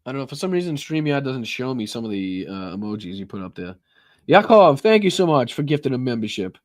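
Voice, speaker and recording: This American man streams live, chatting casually as he reads out viewer donations in a medium-pitched, sing-song voice at a fairly quick clip. He swears, rambles loosely, and keeps restarting and dropping fillers, all captured close to the mic with no echo.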